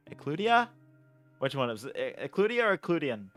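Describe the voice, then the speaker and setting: A male streamer playing a game live, reading the text aloud and muttering and swearing as he thinks out loud. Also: a little high, very animated, brisk, faint music behind.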